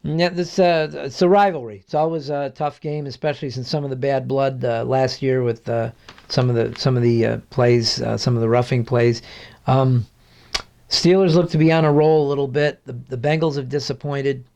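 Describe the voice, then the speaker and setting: A man's voice: mid-range voice, fairly even intonation, gravelly, darkish tone. Hesitant man giving football picks. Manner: measured, hesitant, many ums and restarts. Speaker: sports guest analyst. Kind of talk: casual sports picks chat.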